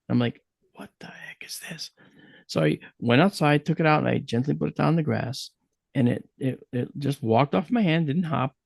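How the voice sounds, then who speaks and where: A man from the USA telling a personal story in an online talk, acting out his own quotes with lively shifts. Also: mid-range voice, gravelly, dry recording. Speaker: guest speaker.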